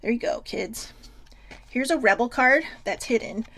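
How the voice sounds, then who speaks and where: A woman's voice: on the high side, animated, a little slow, fairly bright tone. A woman hosting a casual self-love livestream, chatty and frank, swearing freely. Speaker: host.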